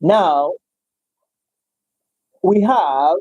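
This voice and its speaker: A man's voice: high voice, drawn-out words, darkish tone, no echo, rough recording. A man teaching a live-streamed economics lecture, repeating points and checking in with listeners. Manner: repetitive, checks in with "all right?".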